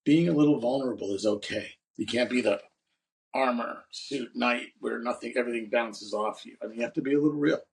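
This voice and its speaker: A man's voice: medium pitch, a little fast, vocal fry, distant mic, poor audio. A man co-hosting a podcast, telling rambling stories about his career in a casual chat. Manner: rambling anecdotal storyteller. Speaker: podcast co-host.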